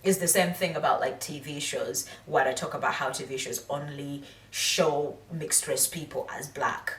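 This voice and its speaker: A young woman vlogging casual commentary, lively and laughing, breaking into high mimicking voices. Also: normal speed, far from the mic. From England. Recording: echoey room, voice off-mic.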